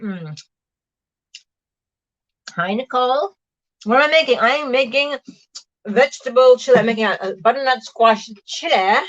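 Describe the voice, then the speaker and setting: A woman's voice: fairly high pitch, fairly bright tone, dull audio. A middle-aged woman hosting a casual livestream, reading viewer comments aloud and chatting while she chops vegetables, laughing often and sometimes talking with food in her mouth. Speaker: vlog host reading live chat.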